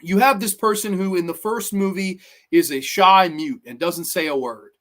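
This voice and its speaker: A man giving casual, animated commentary as a horror movie reviewer, swearing freely and acting out scenes in funny voices. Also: high-pitched, moderate pace. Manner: animated, profane, acts out quotes in funny voices.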